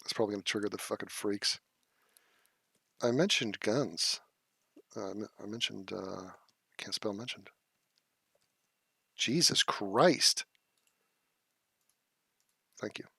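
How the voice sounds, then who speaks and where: A man's voice: on the low side, takes it slowly, gravelly, long pauses, sharp tone, breathy edge, no room sound. A man hosting a casual livestream, reading chat comments aloud and answering them in a blunt, profane, scoffing way. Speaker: livestream host.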